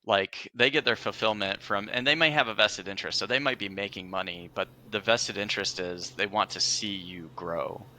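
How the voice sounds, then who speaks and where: A man with a very deep voice that still sounds bright and forceful. He speaks earnestly and reflectively as a podcast guest, often restarting his sentences. The sound is dry and close to the mic. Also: moderate pace, few pauses, no room sound. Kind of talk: casual interview conversation.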